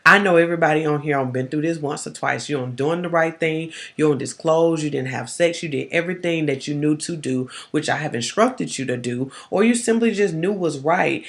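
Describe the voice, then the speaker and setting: A woman life coach talking straight to her viewers on a live stream. She is emphatic and stern in a big-sister way, and her delivery is loose, slangy and animated. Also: low voice, fairly quick, few pauses. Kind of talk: live-stream motivational talk.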